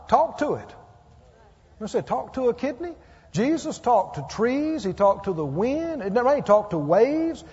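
A man's voice: very high voice, darkish tone. A man preaching a sermon, emphatic and calling out for amens from his listeners. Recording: muffled roomy hall.

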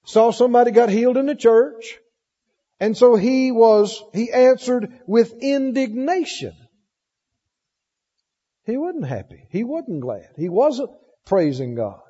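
A man's voice: very high voice, expressive, slow, long pauses, warm tone, breathy edge. A male pastor preaching a sermon, reading scripture aloud and asking the congregation questions. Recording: dull lo-fi tape with long reverb.

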